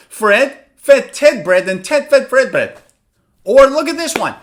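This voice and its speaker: Man, english teacher, high voice, lively swoops, clear deliberate explaining. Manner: clear, deliberate, demonstrates words slowly. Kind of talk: online lesson explanation.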